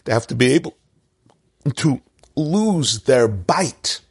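A Jewish religious teacher speaks slowly in an animated, mid-range voice with a slightly rough texture. His sermon centers on a joke he narrates as a story, rising to emphasis as he draws its lesson.

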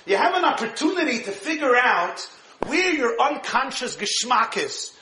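A man teaching a Torah lecture, animated and emphatic, often laughing as he explains. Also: extremely high pitch, moderate pace, a little hiss or hum. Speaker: rabbi teaching Torah class. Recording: echoey room.

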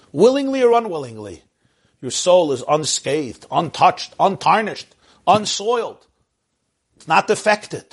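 A man's voice: sits high, breathy edge. A man teaching a sermon-style lecture as a rabbi, impassioned and building through repeated phrases.

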